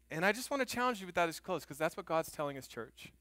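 Middle-aged male pastor, slightly high and bright, animated sermon storytelling, soft in prayer. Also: fairly quick, no echo. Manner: animated storytelling, rising loud on emphasis; soft and hushed when praying.

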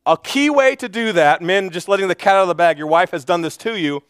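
A male pastor preaching a sermon, retelling a Bible story with animated storytelling and acting out the characters' lines. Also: sits high, quick pace, clear, resonant tone, no room sound, studio quality.

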